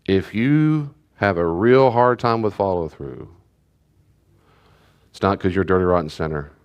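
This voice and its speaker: Speaking to a church group, this middle-aged pastor coaches parents in a low, resonant, clear voice at a measured pace, though the audio sounds dull. He keeps it conversational, circling back to key phrases and playing both parent and child in little scenes.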